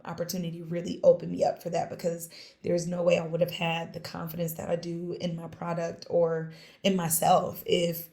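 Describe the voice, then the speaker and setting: A young woman in casual podcast chat, telling a lively story, acting out quoted lines and laughing often. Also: fairly low pitch, vocal fry. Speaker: podcast guest, small business founder.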